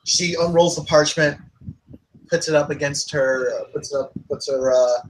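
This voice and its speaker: Man, tabletop player, halting narration, fillers, faint background noise. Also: fairly high pitch, rough recording. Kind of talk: describing his character's actions.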